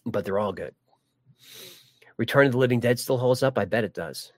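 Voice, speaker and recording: A man's voice: mid-range voice, animated, moderate pace, dry recording. A man hosting a live stream, chatting casually and joking while reading viewer comments. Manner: rambling, jokey, many restarts. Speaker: livestream host.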